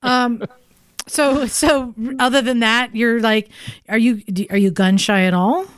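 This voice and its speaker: A woman's voice: fairly high pitch, fairly even intonation, measured pace, clear, resonant tone, dry recording. Teasing woman host, dry close sound. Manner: teasing, friendly, rambling with fillers. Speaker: podcast host. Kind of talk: casual chat.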